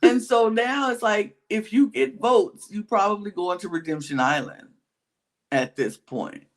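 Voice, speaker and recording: A medium-pitched podcast co-host casually recaps a reality show, playing out the other people's lines and sometimes dropping to a whisper. Colloquial exclamations come out long and drawn-out.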